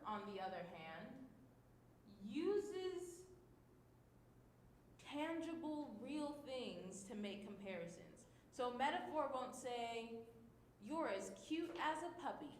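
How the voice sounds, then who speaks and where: A woman teaching a lesson, explaining with patient examples and checking in with her listeners often. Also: big pitch swings. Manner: slow, patient, checks in with okay. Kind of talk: classroom lesson on figurative language. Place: community center room. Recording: echoey room with faint rumble.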